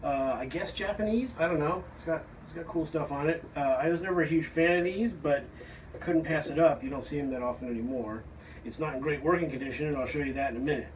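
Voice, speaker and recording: A man's voice: on the high side, fast, slight background noise, rough recording. A man casually describing a vintage fan he collected, talking in a rambling, hesitant way with frequent fillers. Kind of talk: casual show-and-tell narration. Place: porch at home.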